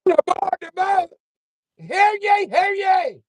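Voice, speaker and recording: A man putting on a shrill pompous British crier. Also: animated, slow pace, no echo, full character voice. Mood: proclaiming. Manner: loud, shrill, mock-posh shouting. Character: pompous shouting British male ship crier. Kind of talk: livestream joking.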